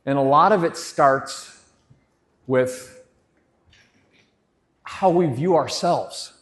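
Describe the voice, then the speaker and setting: A man in his forties giving a live motivational talk on stage, hyped, swearing and leading the crowd in shouted chants. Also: on the high side, extremely slow. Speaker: motivational speaker. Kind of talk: live motivational talk with audience call-and-response. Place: stage in a large hall with a crowd. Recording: echoey hall with faint crowd.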